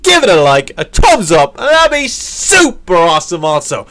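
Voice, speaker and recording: A man's voice: sits high, huge pitch swings, moderate pace, hardly any pauses, pushed and bright. A young man giving let's play commentary on a horror game, swearing and yelping whenever he gets scared. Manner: frantic, swearing, yelps when scared. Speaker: gaming YouTuber. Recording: game music playing underneath. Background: game music.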